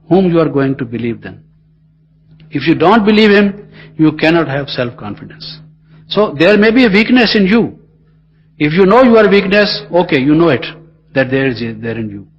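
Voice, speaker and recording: Indian English male spiritual teacher, husky higher voice, earnest and emphatic, dull lo-fi recording. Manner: earnest, emphatic, repetitive phrasing. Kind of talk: meditation class talk.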